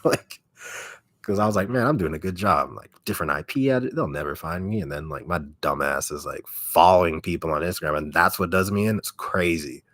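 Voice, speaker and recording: A man with a deep, raspy voice, telling a rambling story full of fillers and swearing as an ASMR YouTuber chatting casually on a livestream. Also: fairly quick, fairly bright tone, no room sound, clean studio sound.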